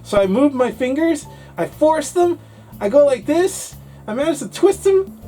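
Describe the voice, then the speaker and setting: A man co-hosting a casual English-learning talk show, telling a story in an animated way and acting out his younger self. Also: very high voice, a little slow, soft background music.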